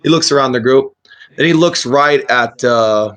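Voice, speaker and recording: A man's voice: medium pitch, moderate pace, fairly bright tone. A man narrating as game master in a casual, rambling way.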